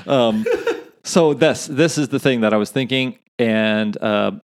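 A man hosts a comedy podcast in casual banter. He jokes around and keeps things upbeat, filling gaps with "uh" and "um". His voice sits at an ordinary middle pitch. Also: unhurried, clear, resonant tone. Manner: jokey, upbeat, full of fillers and laughs. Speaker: podcast host.

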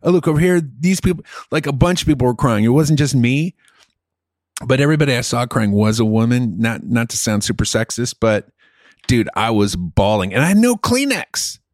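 A man's voice: medium pitch, moderate pace, no echo. A middle-aged man chats in an easygoing, rambling way, his voice sitting in a middle register. The recording is close and dry with no room sound. He keeps a loose storytelling flow. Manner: animated, rambling, swears casually, says dude. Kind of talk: casual storytelling chat.

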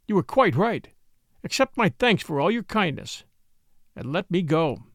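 A man voicing a distraught young gentleman in an audiobook, pleading urgently. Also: high-pitched, sing-song, unhurried, no echo, studio quality, full character voice.

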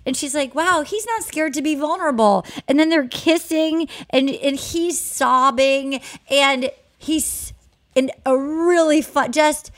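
A woman hosting a podcast, recapping a reality show in an excited, gossipy, rapid way. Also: high voice. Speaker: podcast host. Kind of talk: casual chat.

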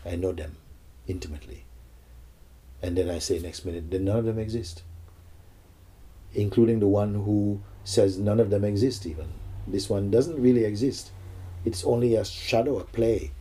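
A man acting as a spiritual teacher, speaking slowly and reflectively, with many pauses, in a spiritual dialogue. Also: on the low side, steady tone, dark tone, husky.

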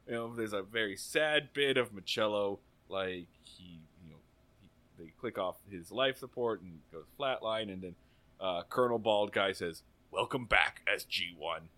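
A man co-hosting a casual podcast chat, recapping a TV episode with swearing and hammy put-on lines. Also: mid-range voice. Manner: animated and swearing, acts out lines hammily. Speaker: podcast co-host.

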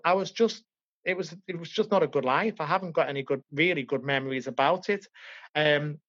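A man's voice: a little high, fairly bright tone, no room sound. A man from Liverpool, England, telling his life story as an interview guest in an earnest, emotional, reflective way. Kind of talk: personal life story in conversation. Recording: dull, lo-fi, dry.

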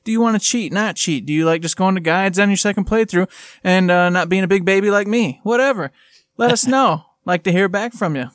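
A man's voice: sits high, fairly quick, no echo. A man co-hosting a podcast in a casual, goofy and playful way, laughing often. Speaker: podcast co-host.

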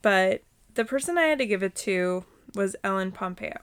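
A woman's voice: medium pitch, expressive, moderate pace, smooth. A woman in her thirties co-hosting a podcast, chatting casually with lots of fillers. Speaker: podcast co-host. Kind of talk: casual chat.

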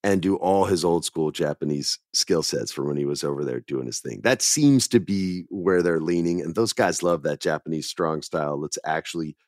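A man with a very low voice hosts a casual podcast chat. He tells long stories in a laid-back way, throwing in dude and man. The sound is dry and close. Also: moderate pace, few pauses, a little mellow, no echo. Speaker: podcast host.

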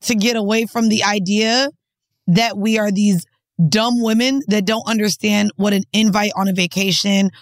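A woman's voice: mid-range voice, steady tone, moderate pace, dry recording, clean studio sound. A woman from New York co-hosting a podcast, talking in a blunt, profane, emphatic way. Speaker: podcast co-host. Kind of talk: casual chat.

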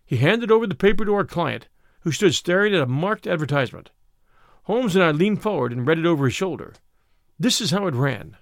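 A man narrating an audiobook in an even storytelling manner. His voice has a gravelly rasp and sits a little high, and the recording is dry and close. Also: brisk, no echo. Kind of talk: scripted narration.

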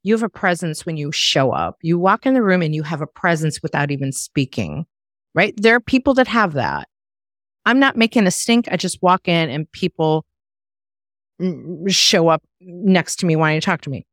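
A middle-aged woman hosts a podcast, chatting casually and acting out the voices of people in her stories like an animated storyteller. Her pitch sits fairly low and her pace is moderate. The studio recording is clean and dry.

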